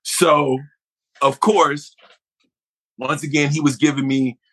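A middle-aged man from Buffalo, New York, a guest actor telling a lively anecdote and acting out other people's voices. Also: on the high side, slow pace, breathy edge. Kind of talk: conversational storytelling.

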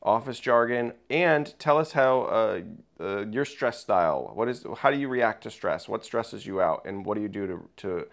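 A man's voice: fairly low pitch, expressive, normal speed. Rambling, self-mocking young man. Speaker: podcast co-host. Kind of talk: casual podcast chat.

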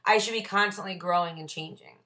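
An AA Big Book study leader from Ohio, USA, reads passages aloud and then explains the notes she wrote beside them. Her mid-range voice is fairly quick, bright and forceful.

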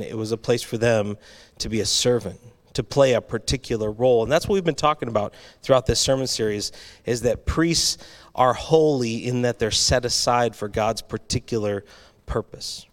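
A man's voice: medium pitch, moderate pace. Male pastor, mid-range voice, easygoing sermon delivery with asides to the room. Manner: conversational, with restarts and asides to the congregation.

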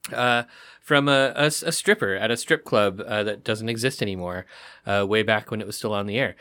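A man's voice: medium pitch, a bit bright, clear, resonant tone. Podcast guy telling joke stories, does little voices for the characters. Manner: storytelling with acted-out character voices. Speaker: podcast co-host. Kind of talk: casual chat, telling jokes.

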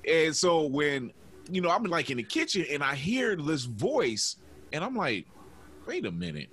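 A man's voice: fairly high pitch, unhurried, breathy edge. A man from Ohio, a podcast co-host, telling a story in casual chat and acting out the quotes. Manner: animated storyteller, acts out quotes.

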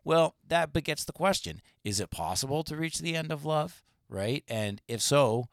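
A man's voice: a little high, expressive, normal speed, gravelly, few pauses, dry recording, clean studio sound. A man co-hosting a podcast, talking in a casual, rambling way with many fillers and restarts. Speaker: podcast co-host. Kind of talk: casual discussion.

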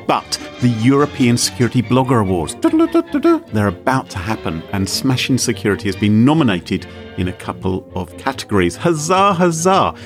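A man's voice: fairly low pitch, a little fast, few pauses, soft background music. A man from Britain co-hosting a podcast, chatting in a playful, jokey and theatrical way. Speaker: podcast co-host. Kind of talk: casual podcast chat.

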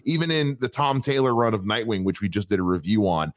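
A low-pitched man co-hosts a podcast in a casual, wry chat, restarting his sentences as he goes. His voice swings widely in pitch. The sound is dry and close, with no room around it. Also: lively intonation, fairly quick, no echo. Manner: rambling, wry, many restarts. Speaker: podcast co-host.

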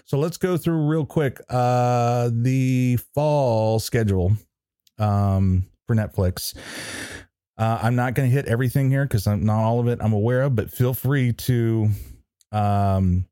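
A man's voice: medium pitch, unhurried, mellow, clear, resonant tone, no echo, studio quality. A man co-hosting a podcast, talking casually with a rambling, hesitant manner full of fillers and restarts. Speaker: podcast co-host. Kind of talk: casual chat.

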